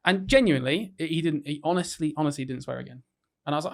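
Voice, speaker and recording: A man co-hosting a teachers' podcast, talking fast and tumbling through classroom stories. His voice sits a little high and he keeps the energy up. It is relaxed, casual chat from a tiny room. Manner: quick, animated storytelling with laughs.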